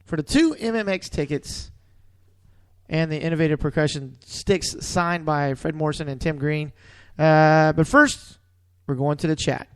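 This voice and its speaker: A man's voice: fairly high pitch, moderate pace, clear, resonant tone. A man hosting a casual internet radio show, upbeat and promotional as he talks.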